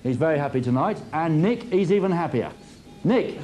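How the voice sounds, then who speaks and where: A man's voice: fairly high pitch, animated, normal speed, dark tone. A man hosting a music TV show, chatty and self-mocking in a playful way. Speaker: TV host. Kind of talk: jokey TV show presenting.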